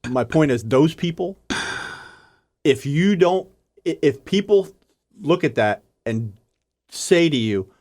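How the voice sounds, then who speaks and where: A man's voice: a little high, expressive, slow pace, long pauses, a little mellow. A man speaking as a podcast guest, telling his story in an earnest, emphatic way. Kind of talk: casual interview conversation.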